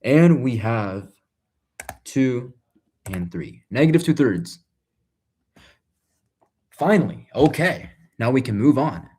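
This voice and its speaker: A man's voice: mid-range voice, sing-song, slow pace, long pauses, a little mellow, breathy edge. A young man casually thinking aloud to himself and his viewers while working through math homework in a small room. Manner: muttering to himself, trailing off, self-talk. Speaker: vlogger doing homework on camera.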